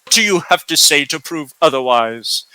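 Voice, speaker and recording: A man's voice: measured pace, bright, forceful tone, smooth, no echo. A man voicing an angry young male half-elf merchant who accuses a rival. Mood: furious. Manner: accusing, furious, raised pitch.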